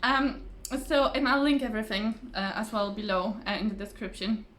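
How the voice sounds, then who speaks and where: A woman's voice: mid-range voice, moderate pace, fairly bright tone, a little hiss or hum. A woman chatting casually to camera about her craft projects, rambling with fillers and restarts and laughing often, her voice a little tired. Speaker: craft vlogger. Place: home, at a table. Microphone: phone or camera on the table.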